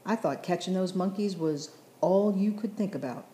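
A fond old grandfather teases gently, voiced by a woman reading aloud. The voice sits low and mellow. The recording has a roomy echo. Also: normal speed, slight background noise, close to an everyday voice. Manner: gently teasing, chuckling.

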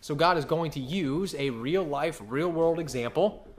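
A man preaching a sermon, animated and full of questions he answers himself, sometimes acting out voices. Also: a little slow. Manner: animated, acts out quoted voices with big pitch jumps; asks the congregation questions and answers them. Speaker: pastor.

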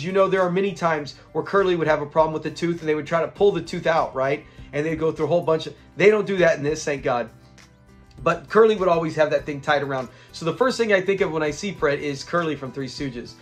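A man with a notably high voice talks through a sitcom episode in a casual, rambling way. He sounds eager as he retells the scenes, with faint music playing underneath. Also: quick pace. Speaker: host of a classic sitcom review channel.

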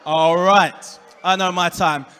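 In a live comedy club with long reverb, a man from England with an Essex accent and a high-pitched voice performs stand-up slowly. He deadpans his punchlines, banters with the audience and imitates the people he quotes.

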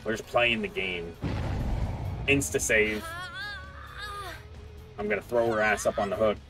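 A man commentates his gameplay in a casual, joking way, taunting and teasing his opponents as he plays. His pitch rises and falls with lots of energy. Game music plays clearly behind his voice. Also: expressive, moderate pace, long pauses. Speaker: gaming streamer. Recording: game music playing under the voice.

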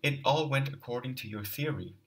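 A man voicing a feverish young male student who trembles and breaks into sharp outbursts of rage. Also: medium pitch, brisk, distant mic, pitched above the performer's own voice, natural voice, poor audio. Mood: accusing.

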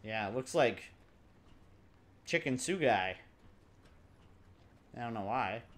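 A man's voice: fairly low pitch, very animated, slow pace, long pauses, a bit bright. A man doing casual gameplay commentary, joking, swearing and laughing at the game as he plays. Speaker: let's play commentator.

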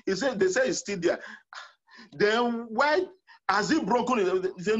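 Pastor preaching hard, voice swoops up and down a lot. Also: male voice, high voice, big pitch swings, normal speed, a bit bright, slightly rough, muffled recording. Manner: emphatic preaching, numbered points, acted-out quotes. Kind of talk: sermon.

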